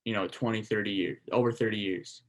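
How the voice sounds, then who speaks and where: A man co-hosting a podcast in a casual chat, talking in a measured way and checking facts with questions. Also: lowish voice, steady tone. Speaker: podcast co-host.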